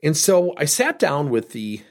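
A man's voice: a little high, a little slow. A man in his fifties hosting a podcast, telling coaching stories in a conversational way and acting out both sides of the dialogue. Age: 50s. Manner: animated storyteller, acts out both sides of dialogues. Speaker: podcast host and sales coach. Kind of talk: conversational storytelling.

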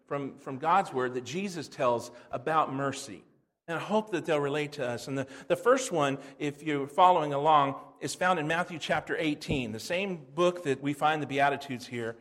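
A man who is a pastor, preaching a sermon, reading scripture in a low soft voice and telling anecdotes with laughter. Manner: animated storytelling, laughs at his own anecdotes.

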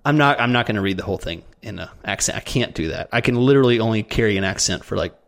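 A man's voice: lowish voice, expressive, very fast, creaky, fairly bright tone. A man co-hosting a casual podcast, joking at his own expense, then reading a listener's question aloud. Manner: jokey, laughing, self-deprecating. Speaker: co-host.

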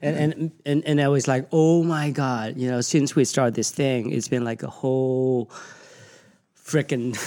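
A middle-aged podcast host tells stories with a lot of energy. He swears freely and laughs along with his own anecdotes. His voice sits in a plain middle pitch. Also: fairly even intonation, unhurried, warm tone. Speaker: podcast host and gym owner. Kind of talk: casual storytelling.

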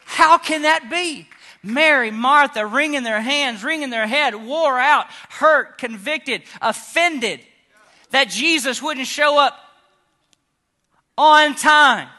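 High, bright-voiced impassioned preacher man. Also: lively intonation, slow pace. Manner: impassioned, rising to shouts and dropping to hushed tones. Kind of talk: sermon.

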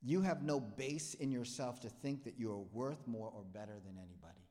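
Young male preacher, self-mocking and playful, mid-pitch voice, long hall reverb. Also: a little fast. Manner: playful and self-mocking, jumps from quiet asides to loud emphatic bursts. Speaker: pastor. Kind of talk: sermon.

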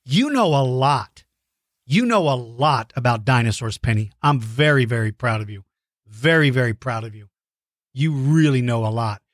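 A middle-aged man hosting a kids' podcast, praising listeners' drawings with animated, playful mock outrage. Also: mid-range voice, normal speed, dry recording, studio quality. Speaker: podcast host giving shout-outs to young listeners. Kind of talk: warm kids' podcast chat.

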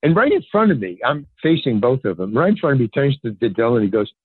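An older man with a breathy edge speaks at a quick pace as he spins a rambling story as a podcast guest, voicing the dialogue with lively pitch jumps. He's filler-heavy and restarts sentences, and the recording is dry and tinny like a phone line.

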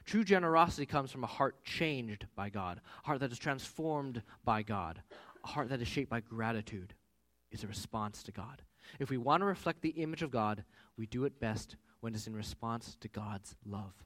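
A man in his thirties preaching a sermon as pastor, with animated storytelling that rises loud for quoted voices. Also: medium pitch, normal speed.

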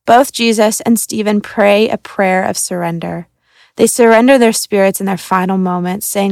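A woman's voice: medium pitch, steady tone, moderate pace, creaky, a little mellow, dry recording. A young woman from a church staff reading a devotional in an earnest, reflective way. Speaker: church creative arts coordinator.

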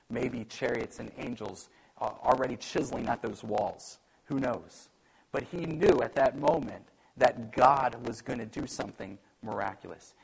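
Male pastor, gravelly voice, mid pitch, animated sermon, lively voices for quoted lines, faint hiss behind. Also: poor audio. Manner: animated, acts out quoted voices, self-deprecating humor.

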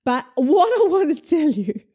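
A woman, a weight loss coach telling a story in a casual monologue, animated, swearing and laughing often. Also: high-pitched, unhurried.

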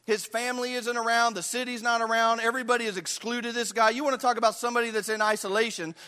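A man's voice: very high-pitched, level tone, fast talker, bright, forceful tone, smooth, in a large hall. A male pastor preaching a sermon with passion, acting out the voices of the people in the story.

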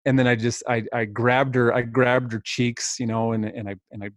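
A man's voice: mid-range voice, little pitch movement, moderate pace, dry recording, clean studio sound. A man in his thirties casually telling a rambling, self-deprecating story as a podcast co-host.

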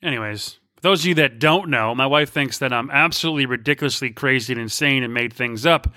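A man hosting a podcast, talking casually and wandering off into tangents. His voice is bright and forward, with a playful streak. The sound is dry and close, with no room around it. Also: medium pitch, fast talker, no echo. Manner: rambling, goes off on tangents; playful, shifts into silly voices. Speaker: podcast host.

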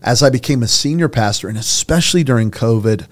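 A middle-aged senior pastor with a medium-pitched, expressive voice talks fast in a conversational interview. He tells stories earnestly and passionately, getting choked up at times.

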